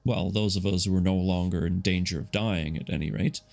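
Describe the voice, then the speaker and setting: A man's voice: low voice, steady tone, brisk, vocal fry, a little mellow. A man narrating a novel live, casual, stopping to comment on and correct his own reading. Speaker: audiobook narrator. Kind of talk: live reading with chatty asides.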